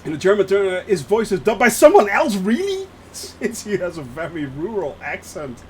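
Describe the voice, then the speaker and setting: A man's voice: high voice, big pitch swings, moderate pace, slight background noise. A man, chatting live with viewers while streaming a flight sim, joking and laughing often as he reads the chat aloud.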